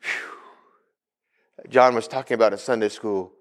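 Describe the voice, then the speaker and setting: Lively, animated male pastor preaching. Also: medium pitch, normal speed. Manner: animated preaching, asks the congregation for responses. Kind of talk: sermon.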